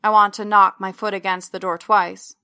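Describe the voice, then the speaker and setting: A woman narrating first-person fiction with measured, even storytelling. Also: mid-range voice. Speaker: audiobook narrator.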